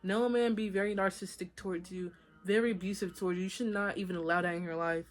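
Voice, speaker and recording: A woman's voice: on the low side, steady tone, quick pace. A young woman telling her own story to her viewers in a casual, chatty storytime vlog, often talking to them directly. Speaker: vlogger.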